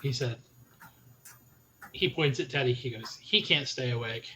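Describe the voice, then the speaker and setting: A man serves as storyteller for a tabletop game. He hands over a character's dialogue in loose retellings, tagging nearly every line with "he goes." His pitch sits in the middle, and faint noise runs underneath. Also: unhurried, fairly bright tone, poor audio. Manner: retells NPC speech with frequent "he goes".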